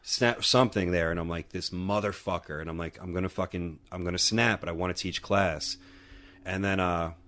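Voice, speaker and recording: A man's voice: deep voice, fairly even intonation, moderate pace, fairly bright tone. A man co-hosting a podcast, telling a rambling, profane story in casual chat. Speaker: podcast co-host and wrestling trainer.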